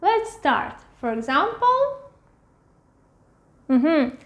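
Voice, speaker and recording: A woman teaching beginners, slowly sounding out letters and syllables and repeating each one, with short praise in between. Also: high-pitched, expressive. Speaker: language teacher. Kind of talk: slow beginner pronunciation lesson.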